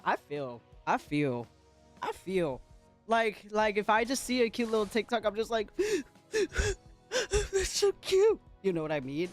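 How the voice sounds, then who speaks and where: High, lively-voiced man streaming a game. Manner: chatty, playful and giggly, talks to chat. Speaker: livestreamer. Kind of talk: casual gaming livestream chat.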